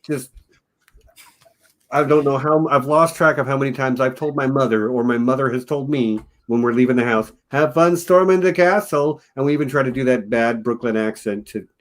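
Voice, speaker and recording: A man's voice: mid-range voice, steady tone, fairly quick. A man from Texas co-hosting a casual film review podcast, enthusiastic and laughing often as he quotes lines. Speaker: podcast co-host.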